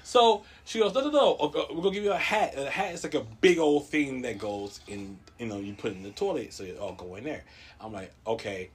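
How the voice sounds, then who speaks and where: Man, casual storyteller, loud cursing, acts out quotes with big high jumps, faint noise. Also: animated, quick pace.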